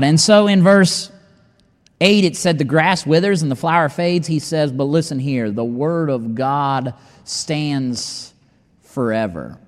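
A man delivers a sermon in a voice pitched high for a man. He moves between reading scripture and dramatic asides where he acts out his listeners' doubts. The sound carries a long reverb tail like a large hall. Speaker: preacher.

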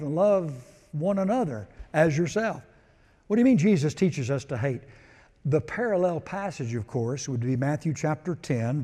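A male pastor delivers a sermon in a slow, unhurried cadence, his voice mellow and warm. He preaches emphatically, building to loud declarations and sinking back down. The sound rings with the long reverb of a large church hall. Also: on the high side. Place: church sanctuary.

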